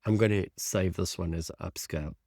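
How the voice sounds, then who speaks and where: A man's voice: low-pitched, normal speed, a little mellow, no room sound, clean studio sound. A man teaching a design tutorial over a screen share, thinking aloud with enthusiasm as he clicks through images. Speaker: design instructor.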